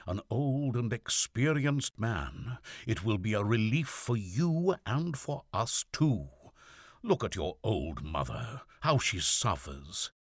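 A man voicing an older, heavy, stern priest in an audiobook reading, earnest and emphatic, his deep voice pushed louder. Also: breathy edge, no echo, studio quality, exaggerated voice. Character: stern older priest father, tall, heavy, harsh loud voice.

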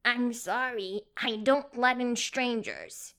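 A woman voicing a cranky, suspicious elderly man with a craggy, high-pitched, querulous voice, in storybook narration. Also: slow pace, a bit bright.

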